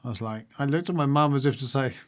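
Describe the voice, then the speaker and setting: Guy chatting on a livestream, musing out loud, lots of little laughs. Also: mid-range voice, quick pace. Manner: rambling, reflective, laughs often. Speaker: livestream host. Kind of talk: casual livestream talk to viewers.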